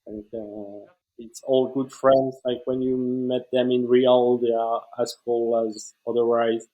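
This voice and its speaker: A man from Switzerland, speaking English as an as a podcast guest in a relaxed, easygoing chat full of "like" and "uh". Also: medium pitch, slow, low-quality recording. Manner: relaxed, easygoing, repeats "like" and "uh" often. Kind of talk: casual conversation.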